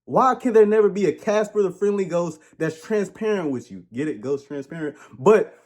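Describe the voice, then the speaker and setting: A man giving a casual comedic movie review, rambling, joking and ranting in an animated way. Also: high-pitched, normal speed.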